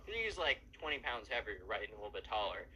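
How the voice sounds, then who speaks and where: A man's voice: lowish voice, very animated, quick pace, very noisy. A man casually telling a long story while gaming, chatty and full of fillers. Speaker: storyteller and gamer. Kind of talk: casual storytelling over gameplay.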